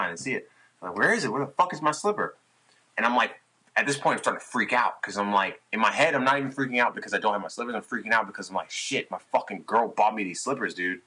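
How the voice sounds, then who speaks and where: A young man with a low, bright, forceful voice tells a rambling tour story as a podcast guest. He swears freely and jumps up in pitch when he acts out his own panicked past self. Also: rough recording. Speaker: podcast guest, touring musician. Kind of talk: casual storytelling chat.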